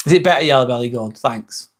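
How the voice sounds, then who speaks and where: A young man talks casually into his phone on a live vlog stream, answering the chat. He is blunt and chatty, swears freely, and often restarts his sentences. His voice sits at a middle pitch.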